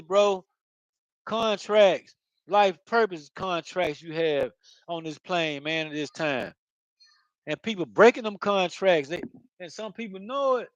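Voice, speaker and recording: A high-voiced man rambles through a casual spiritual talk, heavy on profanity and street slang. He keeps checking in with "you know what I mean" as he goes. The recording is dry and close, with no room sound. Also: fairly bright tone, no echo, rough recording. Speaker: channel host.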